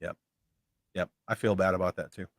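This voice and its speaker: A man's voice: deep voice, fairly even intonation, normal speed, no room sound. A man co-hosting a casual livestream, chatting loosely with a lot of swearing and reading out chat comments. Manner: laid-back, profane, riffing.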